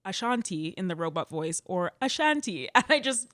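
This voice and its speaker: Young female guest, animated storyteller, low-set voice, dry booth sound. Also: a little fast, dry recording. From Edmonton, Canada. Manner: animated storyteller, laughs often, lots of "like". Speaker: guest musician. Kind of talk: casual interview chat.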